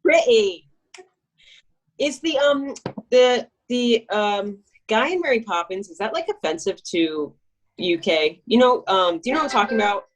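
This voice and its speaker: A woman talking as an interview guest in a relaxed, jokey, casual chat, with plenty of swearing. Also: medium pitch, normal speed, a little hiss or hum. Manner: laid-back, swearing, jokey.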